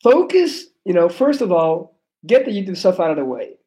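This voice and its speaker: On a casual livestream, a young man with a non-native English accent reads out chat messages, joking bluntly and swearing. He speaks a little fast in a high, sing-song voice with a warm tone, over poor audio.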